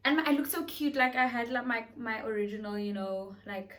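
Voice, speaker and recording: A woman's voice: a little high, fairly quick. A young woman telling a storytime on her vlog, chatty and dramatic. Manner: dramatic, chatty, animated retelling with acted quotes. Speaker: beauty vlogger. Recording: voice a bit far from the mic.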